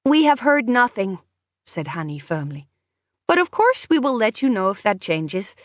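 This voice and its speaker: A woman voicing a young female ship hostess who speaks in a brisk, polite and firm way. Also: mid-range voice, very animated, dry recording, studio quality, natural voice. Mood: politely firm.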